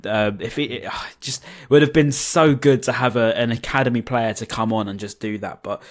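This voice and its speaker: Give me an enthusiastic man chatting about football on a call, voice neither high nor low. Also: fairly even intonation, normal speed. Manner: chatty, enthusiastic, many restarts and fillers. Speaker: podcast co-host. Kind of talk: casual football chat. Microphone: video call.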